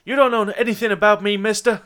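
Man putting on a defiant nightclub woman. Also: moderate pace. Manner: defensive, sharp, high put-on voice. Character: tough young woman, wary nightclub worker.

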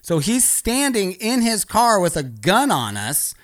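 Comic guy ranting a story, swears a lot, bright tense kinda high voice, laughs as he goes. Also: wildly swooping pitch, a little slow. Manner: profane, rambling, laughs through lines. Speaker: stand-up comedian. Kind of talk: stand-up comedy storytelling.

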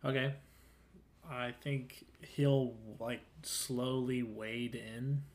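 A man's voice: medium pitch, fairly even intonation, drawn-out words, darkish tone. A man playing a tabletop game, talking casually with slang and lots of fillers. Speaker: player.

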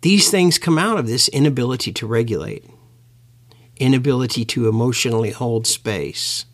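Male lecturer, mid-pitched, earnest and emphatic, a reflective teaching talk. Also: lively intonation. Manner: earnest, emphatic, slows down for key words. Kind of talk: educational talk.

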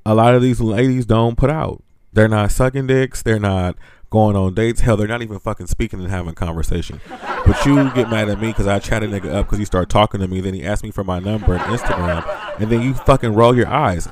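A lowish-voiced man hosts a podcast briskly, with background noise present. His delivery is animated and sassy as he gossips and rants profanely and bluntly, breaking into laughter often.

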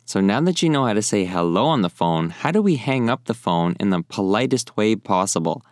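Casual young male teacher, resonant low voice, patient and chatty. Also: expressive, no room sound, clean studio sound. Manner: friendly, repeats phrases slowly and clearly. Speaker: language teacher. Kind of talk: casual spoken lesson.

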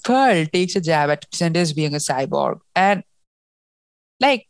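Low, emotional woman recapping a book. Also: expressive, unhurried, smooth, no room sound. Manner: emotional, restarts and gushes about the story. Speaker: podcast co-host. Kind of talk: casual book discussion.

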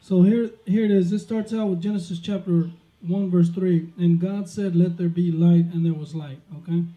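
High, dark-toned preacher man, lo-fi. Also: fairly even intonation, normal speed. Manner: emphatic, peppered with amens and glory to God. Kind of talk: sermon. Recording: dull lo-fi sound.

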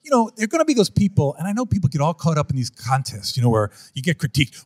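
A man's voice: a little high, wildly swooping pitch, very fast, few pauses, a little mellow. A man being interviewed about wildlife photography, telling stories emphatically and acting out other people's voices. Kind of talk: animated interview storytelling.

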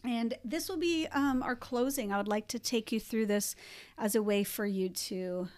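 A woman teaching breathing exercises, guiding slowly and gently with light laughs. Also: a little high, steady tone. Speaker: breathwork instructor. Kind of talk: guided breathing lesson.

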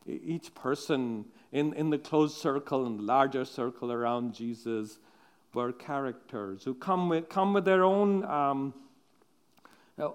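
A man preaching a sermon in a halting, conversational way, with many restarts, asking his listeners direct questions. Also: on the high side, clear, resonant tone.

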